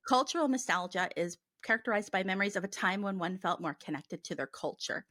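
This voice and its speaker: A woman's voice: medium pitch, expressive, a little fast, a bit bright, no room sound. A woman co-hosting a podcast in casual chat, talking freely with many "like"s and sometimes reading passages aloud. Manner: chatty, heavy use of "like", reads passages aloud. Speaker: podcast co-host and medium.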